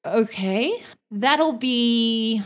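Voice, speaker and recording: A woman's voice: fairly high pitch, animated, very slow. A woman voicing a curt male waiter at a fantasy buffet, dry and matter-of-fact.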